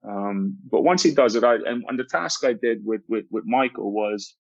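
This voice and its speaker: A man with a fairly low voice tells a story from his work as a basketball coach. He talks earnestly and often restarts mid-phrase. The recording sounds dull and lo-fi in a dry, close space. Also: animated, moderate pace, dry recording. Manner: earnest, explanatory, frequent restarts and repeated words. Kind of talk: podcast interview, telling a coaching story.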